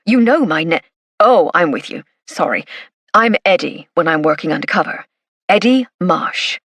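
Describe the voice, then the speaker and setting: A woman's voice: lowish voice, animated, moderate pace, fairly bright tone, slightly rough, no echo, pitched below the performer's own voice, exaggerated voice. Woman voicing a courteous male police inspector. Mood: polite. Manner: formal, politely deferential.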